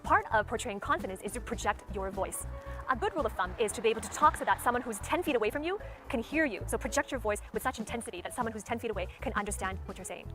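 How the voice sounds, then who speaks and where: A woman coaching viewers on how to speak well, in a clearly enunciated teaching delivery. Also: a little high, expressive, quick pace, over music. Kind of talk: instructional talk to camera.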